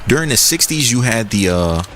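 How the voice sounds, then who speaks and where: Faint music plays behind a young streamer whose mid-range voice moves fairly quickly. He plays a game while cracking jokes and responding animatedly to what his chat writes.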